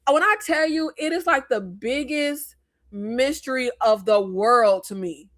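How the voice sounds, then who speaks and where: American lady with a high voice ranting about movies, blunt, opinionated, goes off on tangents. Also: measured pace. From United States. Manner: blunt, animated and opinionated, with rambling asides. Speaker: host. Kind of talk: casual movie review chat.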